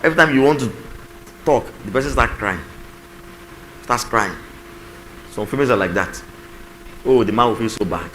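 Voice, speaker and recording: A man's voice: mid-range voice, moderate pace, long pauses, fairly bright tone, slight background noise, low-quality recording. A male pastor preaching a sermon on marriage communication to a congregation, acting out spouses' lines and calling on the listeners to repeat after him. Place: church.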